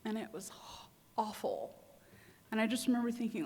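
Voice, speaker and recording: With a medium-pitched, darkish voice at a moderate pace, a young woman tells the audience a personal story at a conference, dramatizing her inner voice with emotion. The hall adds a long reverb.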